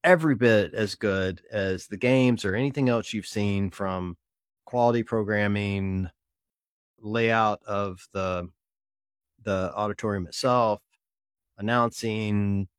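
A man from the southern US hosting a casual podcast interview, joking and telling animated stories. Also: on the low side, slow, clear, resonant tone, dry recording, studio quality. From Mississippi. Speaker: podcast host.

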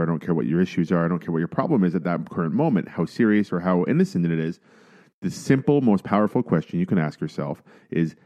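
Man, podcast co-host, deep voice, emphatic, casual coaching chat, muffled recording. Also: darkish tone. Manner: emphatic, mimics complainers in a high voice.

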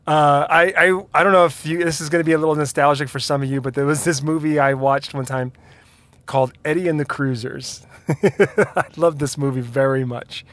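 A man's voice: on the high side, moderate pace, dry recording. A man hosting his own podcast, talking casually and with energy, laughing easily and drifting into side notes. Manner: animated, laughs easily, digresses. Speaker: podcast host. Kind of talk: casual solo podcast talk.

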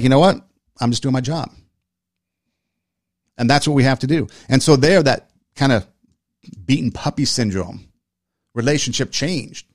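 An earnest man speaks in a reflective, conversational monologue, his pitch sitting at a middling level. He often repeats phrases for emphasis. The sound is dry and close, with no room around it. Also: no echo. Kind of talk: reflective monologue with personal story.

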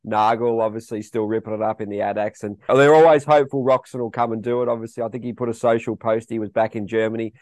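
An Australian man co-hosts a casual chat show, talking fast in a fairly low voice. He is matey and keeps lobbing questions over to his partner. The sound is dry and close. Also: fairly even intonation, a little mellow, dry recording. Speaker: podcast co-host.

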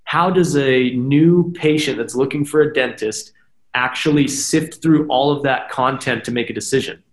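A man's voice: medium pitch, normal speed. A man chatting as a podcast guest, explaining at length with frequent "right?" asides. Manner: animated, talks in long explanations with many "right?" asides. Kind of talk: casual podcast chat. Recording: roomy echo.

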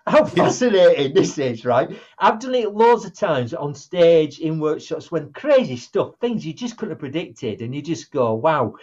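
Man, guest speaker; husky, lively delivery that acts out quotes; muffled lo-fi audio. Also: a little high, normal speed, hardly any pauses. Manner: animated storyteller, acts out quotes. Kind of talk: conversational podcast interview.

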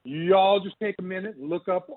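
A man's voice: high voice, normal speed, no room sound. Older Minnesotan man on a tinny phone line. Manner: enthusiastic, folksy. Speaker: caller. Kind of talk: call-in chat.

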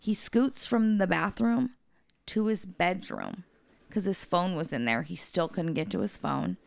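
A woman's voice: lowish voice, animated, unhurried, gravelly, a little mellow, no echo. A woman co-hosting a casual podcast, telling a blunt, profane story from her work. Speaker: podcast co-host.

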